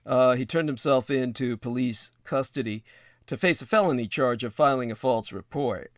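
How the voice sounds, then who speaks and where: A man on a livestream reads news passages and interrupts himself with wry, digressive asides, hesitating and using many filler sounds. He has a mid-range voice at a moderate pace, recorded at studio quality with no echo.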